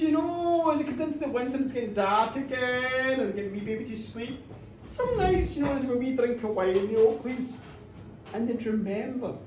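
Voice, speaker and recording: A woman telling a comic horror tale live in a pub, animated and playful, with asides to the audience. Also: fairly high pitch, slight background noise. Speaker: storyteller. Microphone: room recording from a distance. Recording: echoey pub, heard from far off.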